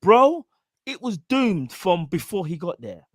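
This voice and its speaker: Brief: man in his thirties, fairly high voice with a lively swing in pitch, slangy storyteller on a dry close mic. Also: measured pace, no echo. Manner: animated, slangy, jokey storytelling. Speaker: show host. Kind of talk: casual live football chat.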